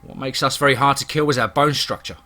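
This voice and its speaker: A man narrating a first-person horror story in a steady, dramatic storytelling manner. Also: mid-range voice, fast.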